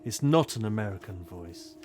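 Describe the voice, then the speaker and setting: A man's voice: fairly low pitch, lively intonation, normal speed. A man narrating a tabletop game as game master, teasing his players with wry asides. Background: music.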